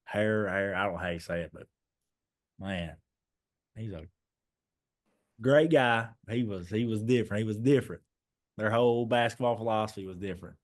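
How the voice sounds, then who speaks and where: A young man with a low, voice spins a story as a podcast guest. He acts out every line of dialogue in lively fashion. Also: normal speed, long pauses. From Eastern Kentucky, USA. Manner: animated storyteller acting out dialogue. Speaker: guest, former basketball player.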